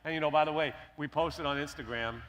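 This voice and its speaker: Bright, earnest man on a panel. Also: a little high, fast, a little hiss or hum. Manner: earnest, persuasive advocacy. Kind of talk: conference panel talk. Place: conference stage.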